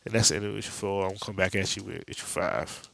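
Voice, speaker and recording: A man's voice: sits low, fast talker, vocal fry, background noise. A man hosting a podcast, giving a rambling, profane, slang-filled recap of a comic book. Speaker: podcast host. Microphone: podcast mic.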